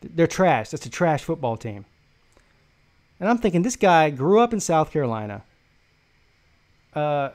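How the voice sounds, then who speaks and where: Male sports-stream host, brash and mocking, slightly higher voice, loose profane storytelling. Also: a little mellow. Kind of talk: casual live-stream storytelling.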